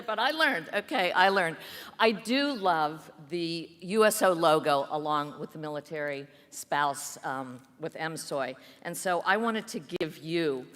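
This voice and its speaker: A woman's voice: fairly low pitch, expressive, measured pace, fairly bright tone. A woman giving an emotional, gushing acceptance speech in a hotel ballroom with an audience. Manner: tearful, gushing, emotional thanks. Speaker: award recipient. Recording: hall reverb with faint crowd.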